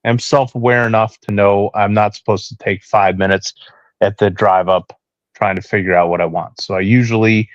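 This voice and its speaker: Low voice married dude rambling on a podcast, dry dull lo-fi sound. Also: male voice, steady tone, normal speed, no room sound. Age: adult, married. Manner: rambling, self-deprecating, many restarts. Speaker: podcast co-host. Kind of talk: casual chat.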